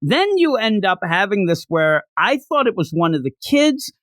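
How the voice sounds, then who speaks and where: A man's voice: sits high, sing-song, moderate pace, fairly bright tone, no room sound. A man co-hosting a podcast, chatting casually and critically about a manga chapter, rambling and acting out lines as he goes. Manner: rambling, critical, acts out quotes. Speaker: podcast co-host. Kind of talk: casual chat reviewing manga.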